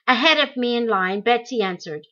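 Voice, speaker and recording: A woman reading a memoir aloud in slow, deliberate storytelling. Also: on the high side, lively intonation, pushed and bright, dull audio. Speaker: audiobook reader.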